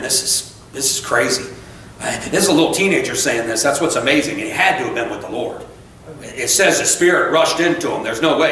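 The pastor here has a medium-pitched, slightly bright voice, picked up by a distant mic in a reverberant sanctuary with a bit of background noise. He preaches with emphasis and repetition, wandering into casual asides and tales from his own life.

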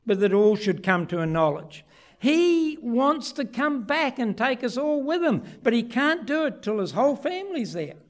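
High-voiced man preaching a lively sermon. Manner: storytelling, acting out voices with big swings in pitch and loudness. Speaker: pastor. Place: church.

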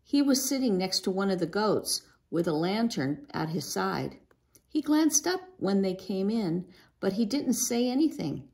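A woman reading a children's book aloud in a gentle, expressive way. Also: mid-range voice, a little slow, creaky. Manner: gentle, expressive, lifts her voice for a young girl's lines. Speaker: storybook reader.

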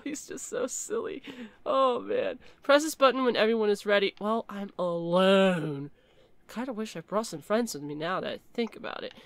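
A woman giving chatty, excitable commentary while playing a horror game and reading its text aloud. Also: fairly high pitch, dry recording. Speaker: gaming video creator.

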